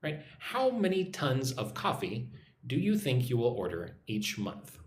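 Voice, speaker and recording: Upbeat American man hosting an English lesson live; lively pitch, echoey room with a low hum. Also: unhurried. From United States. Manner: upbeat, reads viewer names aloud, models phrases to repeat. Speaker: English teacher live streaming. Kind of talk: casual live-stream lesson, reading chat comments. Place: home in a Vietnamese city.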